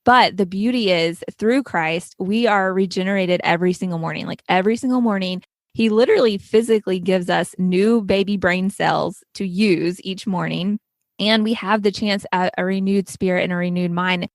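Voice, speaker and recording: A young woman hosts a podcast in a casual, earnest chat about faith, filling her sentences with easy little fillers. Her voice sits at a middle pitch and sounds close and dry, with no room around it. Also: moderate pace, dry recording. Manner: chatty, many "like" fillers, earnest. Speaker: podcast host.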